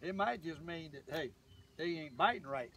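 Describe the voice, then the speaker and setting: An older Southern US man with a high voice talks in a folksy, rambling way to his viewers while fishing from a boat. He sits a little away from the mic, and faint outdoor ambience hangs behind him. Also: lively intonation, moderate pace, bright, forceful tone, far from the mic, slight background noise. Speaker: fishing vlogger. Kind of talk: casual fishing vlog talk.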